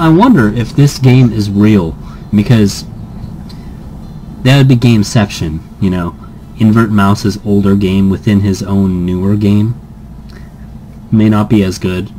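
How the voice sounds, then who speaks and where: A man's voice: fairly low pitch, mellow, a little hiss or hum, poor audio. A young man hosting a game playthrough, reading the story text aloud with drama and breaking into giggly, rambling asides. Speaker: let's-play host reading game text. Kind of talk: reading a visual novel aloud with chatty asides.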